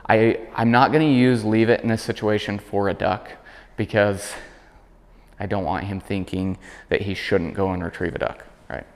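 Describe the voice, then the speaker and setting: A man working as a dog trainer, calmly explaining commands while demonstrating them with his dog. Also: normal speed, long reverb tail. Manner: calm explaining, high praise voice for dog. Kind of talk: instructional demonstration.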